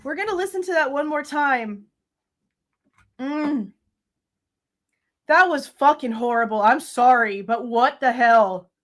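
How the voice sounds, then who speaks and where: A woman's voice: sits high, takes it slowly, long pauses. A young woman reacting live to true crime footage on a stream, casual and swearing often while she talks to her chat.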